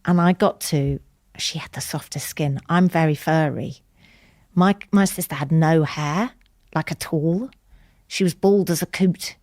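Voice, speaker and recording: A woman, a podcast guest telling an emotional personal story in an earnest, tender way that sometimes drops to a soft whisper. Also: deep voice, unhurried, no room sound, clean studio sound.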